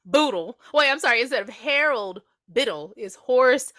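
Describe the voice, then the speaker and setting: A woman's voice: high-pitched, expressive, normal speed, bright, forceful tone. A woman co-hosting a podcast, bantering playfully while recapping a TV episode. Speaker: podcast co-host. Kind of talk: casual chat recapping a TV episode.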